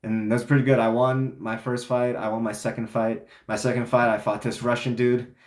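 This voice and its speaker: A man's voice: mid-range voice, moderate pace. Laid-back young man in an echoey room. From Ukraine. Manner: relaxed, loose, filler-heavy storytelling. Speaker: vlogger. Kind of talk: casual reflective monologue.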